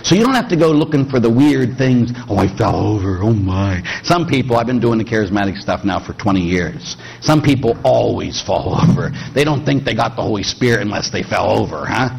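A man's voice: mid-range voice, expressive, a little fast, vocal fry, few pauses, a little hiss or hum, poor audio. An older man, a Catholic priest, telling stories in a chatty homily with frequent "huh?" asides and voices he acts out. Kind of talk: storytelling homily.

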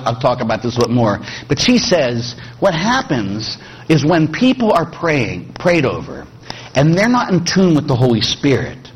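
Husky, animated older priest. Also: male voice, mid-range voice, low-quality recording. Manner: chatty, animated, frequent "huh?" asides, acts out voices. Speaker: Catholic priest. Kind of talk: storytelling homily.

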